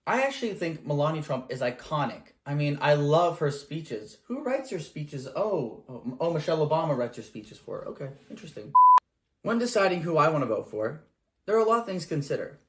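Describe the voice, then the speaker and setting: A man's voice: a little high, sing-song, fairly quick, slight background noise. A man hosting a satirical comedy show, delivering a mock-earnest, sarcastic monologue.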